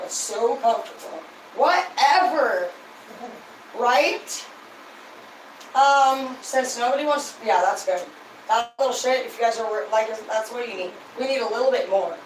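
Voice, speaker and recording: A woman's voice: fairly high pitch, a little hiss or hum. Tipsy woman, livestream chat, rambling and profane, roomy sound, distant mic. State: tipsy from drinking. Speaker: livestream host.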